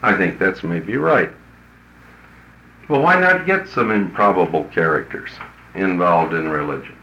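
Blunt folksy guy telling a story, bright forceful voice, roomy dull old recording. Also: low voice, animated, measured pace. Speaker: business consultant. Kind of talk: storytelling talk to an audience.

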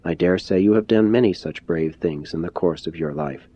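A man reading the lines of a gentle, persuasive adult male teacher in a measured, earnest and courteous manner. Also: sits low, dry recording. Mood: gentle, probing. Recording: dull lo-fi recording.

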